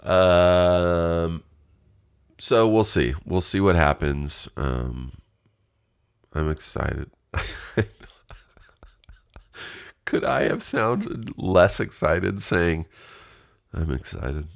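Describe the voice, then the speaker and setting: Speaking very slowly with frequent pauses, a middle-aged man hosts his own podcast in a deep, animated, clean-toned voice. He's candid, pokes fun at himself, swears casually, and sounds slightly congested.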